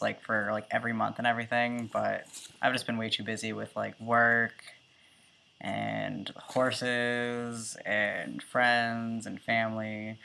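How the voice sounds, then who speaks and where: A man's voice: lowish voice, gravelly, bright, forceful tone, a little hiss or hum. A man in his early twenties talking casually in a video diary, chatty and full of ums and likes. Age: 20s. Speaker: vlogger.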